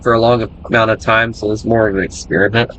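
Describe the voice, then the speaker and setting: A man's voice: fairly low pitch, little pitch movement, fast talker, a bit bright, a little hiss or hum. An American man giving casual, joking commentary while he plays a flight game, chatting and rambling between moves. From United States. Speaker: gaming streamer.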